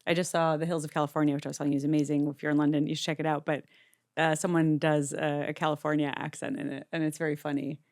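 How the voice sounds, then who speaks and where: A woman from Miami with a neutral American accent and some vocal fry, a guest comedian trading dry, self-mocking jokes in a casual podcast chat. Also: low voice, level tone, quick pace, darkish tone, no room sound. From Miami, USA.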